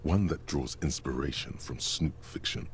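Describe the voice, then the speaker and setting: A man voicing a game's narrating inner voice, gravelly and measured with a literary way of speaking. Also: very deep voice, slight background noise. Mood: wry. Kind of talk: game narration.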